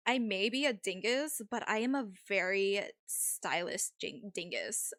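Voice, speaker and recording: A woman's voice: medium pitch, animated, a little slow, fairly bright tone, dry recording, clean studio sound. A woman voicing a vain, stylish young witch girl in a put-on Valley girl accent, reading a game's lines. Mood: vain drawl.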